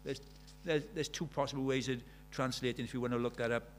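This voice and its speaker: A man preaching a sermon, animated, shifting from loud emphatic lines to quiet asides. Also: mid-range voice, fast, a little hiss or hum.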